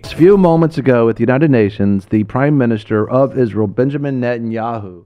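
A man hosts a religious broadcast with fervent, exhorting commentary, repeating key phrases for emphasis. His pitch sits in the ordinary middle range. The recording sounds slightly dull and muffled. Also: fairly quick, smooth.

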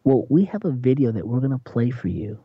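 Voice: mid-range voice, big pitch swings, brisk, husky, no room sound, phone-quality sound. A radio host in a casual, chatty monologue who tells stories and acts out quotes in a raised voice.

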